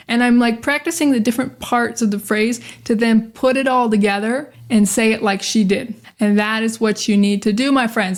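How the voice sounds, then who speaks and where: A young American woman leads a pronunciation lesson with a fairly high voice. She drills each phrase by saying it again and again, direct and energetic. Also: fairly quick, few pauses. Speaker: English pronunciation teacher.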